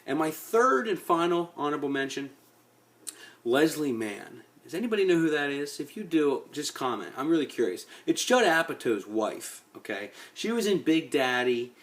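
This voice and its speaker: A man's voice: a little high, sing-song, normal speed, a bit bright. A man ranting casually to his webcam about actors he dislikes, blunt and rambling, often repeating himself. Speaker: vlogger. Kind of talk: casual opinion rant.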